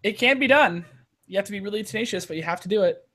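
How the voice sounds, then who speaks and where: A man's voice: high-pitched, fast, bright, forceful tone. A man in a casual podcast chat, easygoing and joking.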